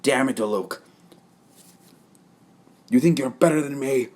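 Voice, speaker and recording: A man's voice: fairly low pitch, normal speed, breathy edge. A man voicing a hot-tempered young male rival who talks angrily and bluntly in a fan story. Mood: angry. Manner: angry, blunt.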